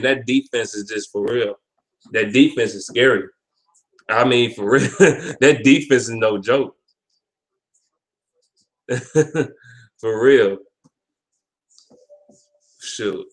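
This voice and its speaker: A man's voice: medium pitch, fairly bright tone, rough recording. Blunt, swearing man talking sports picks. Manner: blunt, profane trash talk with frequent repeats and restarts; stumbles over words. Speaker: vlog host giving sports picks. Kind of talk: casual sports prediction talk.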